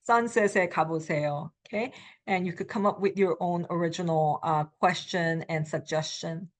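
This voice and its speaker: Her voice on the low side, a middle-aged woman teaches Korean in a recorded lecture. She explains patiently, says um often, and switches between slow English and rapid example phrases.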